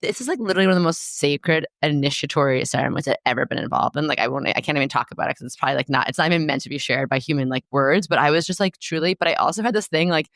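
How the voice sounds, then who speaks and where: A woman hosting a podcast, telling stories in a lively, self-deprecating, goofy way. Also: low voice, very fast, hardly any pauses, no echo, clean studio sound. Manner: animated, self-deprecating storyteller. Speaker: podcast host. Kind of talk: casual chat.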